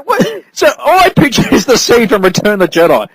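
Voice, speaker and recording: A man's voice: very high voice, wildly swooping pitch, brisk. A man co-hosting a casual movie review, incredulous and mocking, swearing often. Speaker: podcast co-host. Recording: noisy amateur podcast recording.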